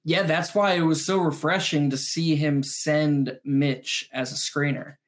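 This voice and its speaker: A man co-hosting a postgame sports podcast, breaking down plays in quick, animated analysis with some restarts. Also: on the high side. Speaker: podcast co-host.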